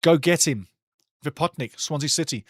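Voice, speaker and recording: Man, football watch-along commentator, passionate and mocking, fairly high voice, dry close sound. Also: moderate pace, dry recording. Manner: loud, passionate, mocking the referee. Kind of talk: live match commentary with chat banter.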